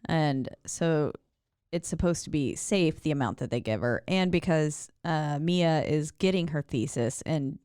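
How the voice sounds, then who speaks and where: A woman's voice: a little slow, darkish tone, clean tone, dry recording, clean studio sound. Chatty woman podcast co-host. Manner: laughs often, chatty, quotes characters in a higher voice. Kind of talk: casual chat recapping a horror film.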